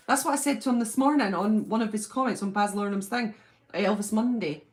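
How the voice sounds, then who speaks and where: A woman with a British accent hosting a live stream from home, chatting casually and reading out viewer comments in a gushing, excitable way. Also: medium pitch, fairly quick. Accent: British English.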